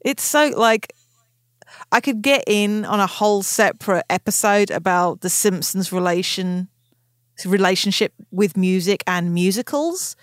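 A woman co-hosts a podcast in easy, casual chat. She gushes with enthusiasm and quotes favourite lines aloud. Her voice sits in a middle pitch, recorded dry and close. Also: measured pace, no echo. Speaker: podcast co-host.

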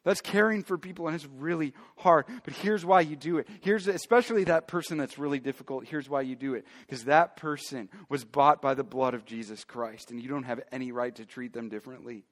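A man's voice: mid-range voice, a little fast, hardly any pauses. Emphatic preaching man, reverberant hall. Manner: emphatic preaching, swinging between loud declarations and quiet asides. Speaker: pastor. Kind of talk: sermon.

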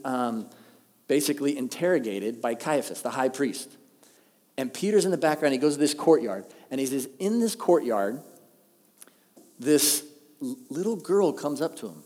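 A man preaching a sermon, telling the story with animated delivery and acting out the quoted lines. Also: mid-range voice. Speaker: pastor. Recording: long hall reverb.

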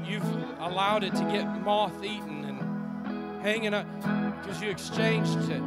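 A man preaching a sermon as pastor in a church, with an impassioned, repetitive preaching cadence. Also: sits high. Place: church sanctuary.

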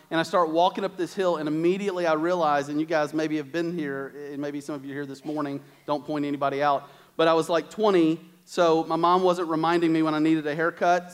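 A man's voice: on the high side, smooth. A man preaching a sermon to a church congregation, telling a funny personal story with quoted asides before he turns to scripture and prayer.

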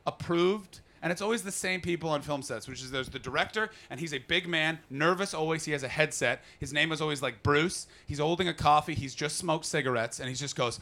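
Bright-voiced young man doing stand-up. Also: mid-range voice, vocal fry. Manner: fast rambling with loud put-on voices. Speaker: stand-up comedian. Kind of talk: stand-up set. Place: comedy club stage before an audience. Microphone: handheld stage mic.

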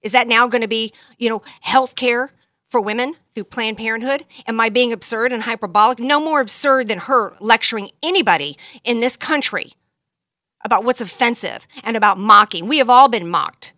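A woman's voice: fairly high pitch, normal speed, pushed and bright, no room sound, studio quality. A woman hosting a talk show, delivering a sarcastic, combative political monologue full of rhetorical questions.

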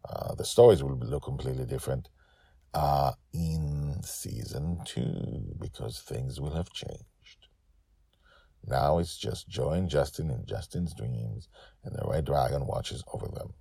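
Deep-voiced, teasing male storyteller. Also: creaky, mellow, breathy edge, no room sound, studio quality. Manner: playful and teasing, drawn-out words. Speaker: storyteller and podcast host. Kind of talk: casual after-story chat.

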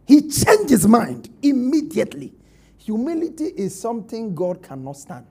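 A male pastor delivers an emphatic sermon in church, calling on the congregation to answer back. His voice sits high for a man, yet it sounds warm and mellow rather than sharp. He comes across as middle-aged and well used to preaching. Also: wildly swooping pitch, moderate pace, slightly rough. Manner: emphatic, call-and-response with congregation.

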